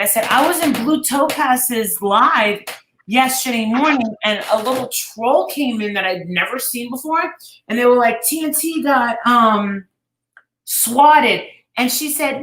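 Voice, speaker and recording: Casting: woman host, slightly high voice, rambling gossip chat with swearing, echoey room. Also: normal speed, fairly bright tone. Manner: rambling, swears freely, retells quotes.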